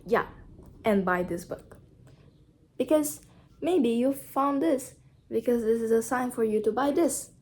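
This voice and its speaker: A woman's voice: fairly high pitch, unhurried, pauses often, darkish tone, a little hiss or hum. A woman from Brazil with a Brazilian accent, giving motivational advice to camera in an earnest, repetitive, casual way. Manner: earnest, repetitive, simple phrasing. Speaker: vlogger.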